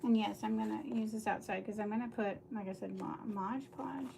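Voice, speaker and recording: A woman's voice: medium pitch, a little fast, gravelly, mellow, a little hiss or hum. A middle-aged woman chatting casually to viewers on a livestream while she crafts, rambling from one thought to the next.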